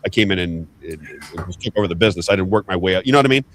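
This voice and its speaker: A man's voice: low-pitched, expressive, rapid-fire, slight background noise. A man hosting a political talk show, chatting emphatically with a guest and often repeating himself as he talks. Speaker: host.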